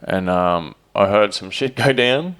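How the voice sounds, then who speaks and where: A man's voice: on the low side, animated, a little slow, fairly bright tone, smooth. A man in casual podcast chat, laid-back, with many fillers and casual swearing. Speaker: podcast co-host, stepdad.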